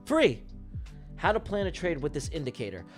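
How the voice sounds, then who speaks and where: High-voiced emphatic man hosting a trading stream. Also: very animated, moderate pace, soft background music. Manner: emphatic, repetitive, swears casually. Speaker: livestream trading host. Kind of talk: live day-trading commentary.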